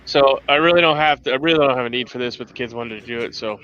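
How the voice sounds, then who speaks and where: A man's voice: medium pitch, quick pace, fairly bright tone, lo-fi sound, a little hiss or hum. A man hosting a casual live question-and-answer show, rambling with frequent restarts as he shows his gear. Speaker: host. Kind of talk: casual livestream chat.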